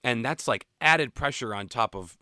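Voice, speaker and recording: A man's voice: mid-range voice, moderate pace, no room sound, studio quality. A man co-hosting a music podcast in casual chat, talking candidly with frequent profanity. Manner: candid, profane, animated opinions. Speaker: podcast co-host.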